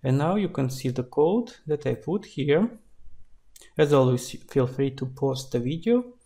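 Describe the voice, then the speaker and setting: A man, an indie game developer, narrating a screen-recorded tutorial in a relaxed, explaining way. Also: mid-range voice, unhurried.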